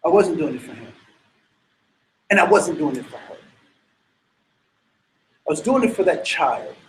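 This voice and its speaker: A man telling a personal story to an audience in an animated way, stammering into restarts and breaking into sudden loud bursts. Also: fairly high pitch, measured pace, slight background noise, poor audio.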